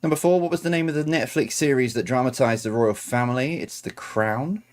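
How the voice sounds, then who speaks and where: A man's voice: medium pitch, brisk. A man reading out quiz answers as host, adding chatty, self-correcting asides.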